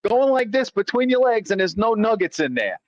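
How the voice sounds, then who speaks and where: A man's voice: sits high, sing-song, fairly quick, no room sound, muffled recording. A man co-hosting a sports stream, ranting crudely and swearing about his team. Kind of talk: casual sports chat.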